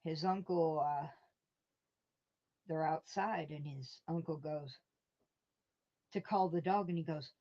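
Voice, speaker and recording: A woman hosts a laid-back live stream, telling rambling stories and reading out her chat with easy chuckles. Her voice is fairly low and her pace slow. The audio is dull and lo-fi. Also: a little mellow.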